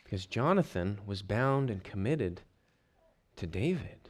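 A man's voice: fairly low pitch, animated, measured pace. A man preaching a verse-by-verse sermon, reading scripture aloud and explaining it with questions to the congregation. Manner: reads scripture aloud then explains it, asking the listeners questions. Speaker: pastor. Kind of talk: expository sermon.

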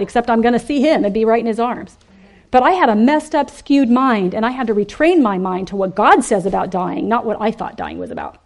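Female speaker, slightly high voice, emphatic and animated sermon for a women's ministry.

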